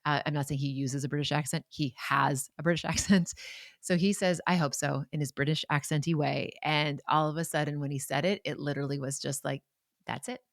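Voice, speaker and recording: A woman's voice: sits low, steady tone, fairly quick, no echo, studio quality. A woman in her forties hosting a podcast on her own, talking in a chatty, enthusiastic way and wandering off into asides. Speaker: podcast host. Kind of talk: casual solo podcast talk.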